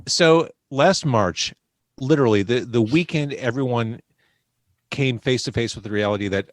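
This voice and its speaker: A man's voice: medium pitch, normal speed, no echo. A man hosting a podcast, chatting casually and expressively with his guest. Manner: enthusiastic, expressive interviewer. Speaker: podcast host. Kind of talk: casual interview chat.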